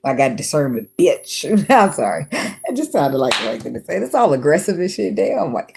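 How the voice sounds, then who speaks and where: A woman's voice: low voice, sing-song, moderate pace, vocal fry, a little mellow, slight background noise. A woman giving a casual tarot reading, talking bluntly with plenty of profanity and frequent laughs. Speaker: tarot reader.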